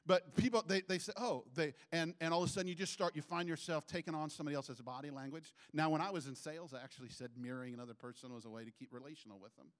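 A man preaching a sermon in church, animated and acting out little quoted voices as he goes. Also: racing, hardly any pauses. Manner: animated, acts out quotes with sudden pitch jumps. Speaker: pastor.

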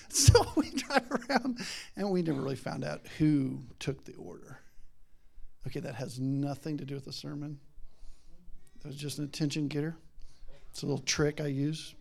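A man's voice: fairly high pitch, expressive, moderate pace, creaky. Chatty rambling preacher man. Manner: chatty, rambling, laughs often, acts out voices in stories. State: has a daughter. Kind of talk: casual sermon with storytelling.

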